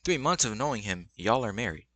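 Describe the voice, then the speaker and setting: A man's voice: on the low side, sing-song, fairly quick, fairly bright tone. A young man giving blunt, rambling relationship advice in casual, slang-filled commentary.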